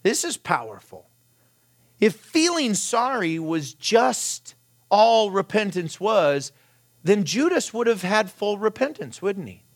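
A man's voice: high voice, sing-song, slow. A middle-aged man, a pastor, giving a conversational sermon full of rhetorical questions and short anecdotes.

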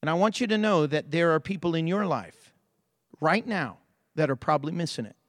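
A man preaching a sermon as pastor, swinging between loud emphasis and hushed storytelling. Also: on the high side, animated, a little fast, no room sound.

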